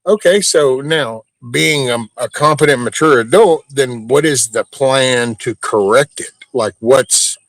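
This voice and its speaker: A man's voice: medium pitch, measured pace, few pauses, a bit bright, no room sound. A man hosting a livestream, ranting bluntly and profanely in a casual way. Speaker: livestream host.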